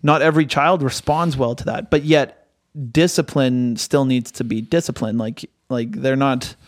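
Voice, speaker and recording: A young man with a mid-pitched voice talks in a thoughtful, hedging way. He restarts his sentences often. The recording is dry and close. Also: steady tone, moderate pace, no echo. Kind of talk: casual chat.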